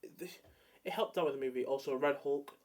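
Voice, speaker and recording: A man's voice: mid-range voice, brisk. A young man in casual solo commentary, rambling with many fillers and jokey hot takes. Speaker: video creator ranking films.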